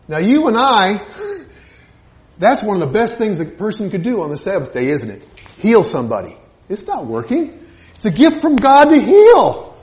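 A man preaching a sermon, retelling a Bible story and acting out the voices in the scene. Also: high voice.

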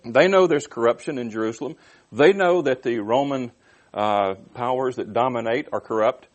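A man's voice: medium pitch, moderate pace. Man teaching a Bible passage. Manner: reads scripture aloud then explains it, with restarts and asides. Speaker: preacher.

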